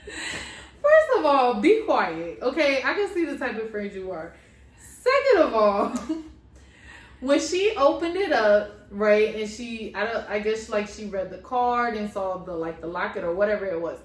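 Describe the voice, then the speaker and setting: A woman co-hosting a casual reality-show recap, gossipy and animated, acting out what people said. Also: medium pitch, normal speed, recorded from a distance. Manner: animated, gossipy, acts out other people's lines. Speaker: co-host of a couple's reaction channel. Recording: echoey room, voice a bit off-mic.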